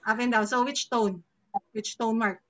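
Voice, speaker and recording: Filipino woman teacher, lively and demonstrative, bright tone, lo-fi call sound. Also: a little high, normal speed. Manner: lively, mixes English and Tagalog, demonstrates tones. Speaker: Mandarin teacher. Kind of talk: live online class.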